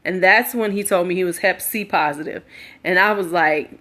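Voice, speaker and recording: A woman's voice: on the low side, moderate pace, pushed and bright. A middle-aged woman candidly telling a personal story live, acting out quoted dialogue with emphasis. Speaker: livestream storyteller.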